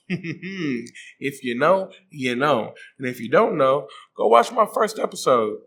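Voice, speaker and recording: A man's voice: fairly high pitch, animated, takes it slowly, gravelly, a bit bright. A man hosting a comedic movie recap, joking in slang and acting out the characters' voices. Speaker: host.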